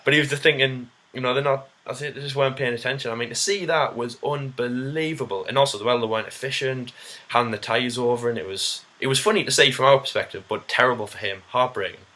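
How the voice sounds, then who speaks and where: A man co-hosting a casual racing debate, talking it through with lively retellings of drivers' radio messages. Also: medium pitch, fast. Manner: animated, acts out drivers' radio quotes. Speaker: co-host of a racing review show.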